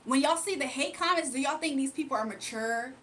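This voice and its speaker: A woman's voice: high-pitched, brisk, a bit bright, a little hiss or hum. A young woman hosting a livestream, making emphatic, repetitive points and talking straight to her chat. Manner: emphatic, repeats points, addresses chat directly. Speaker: livestream host. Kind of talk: heated livestream rant.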